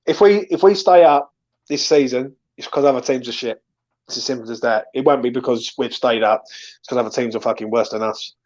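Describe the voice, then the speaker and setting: A man's voice: medium pitch, a little fast, darkish tone. Gutted man, lo-fi sound. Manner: emotional, swearing, gutted. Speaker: host. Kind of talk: casual post-match chat. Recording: dull lo-fi audio.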